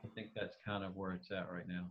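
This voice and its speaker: A man's voice: deep voice, level tone, a little fast, lo-fi sound. A man being interviewed over a video call, speaking hesitantly with many restarts and fillers. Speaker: interview guest.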